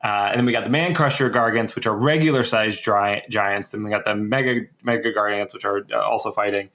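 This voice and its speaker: A young podcast co-host casually recaps story lore, his fairly low voice steady in tone, slightly bright, and a little fast. He rambles heavily on "like" and "uh," restarting his sentences many times.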